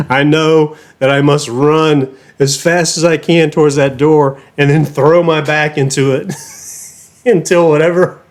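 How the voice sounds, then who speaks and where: A man's voice: on the high side, steady tone, takes it slowly, long pauses. A middle-aged man with a Southern American accent, hosting his own channel and telling stories in loose, profane casual chat, laughing often as he goes. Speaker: reaction channel host.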